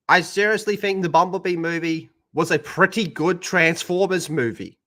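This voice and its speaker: Crude, joking Australian stream host, bright and forceful. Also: male voice, on the high side. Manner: crude, loud, joking, swears often. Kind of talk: casual live-stream chat.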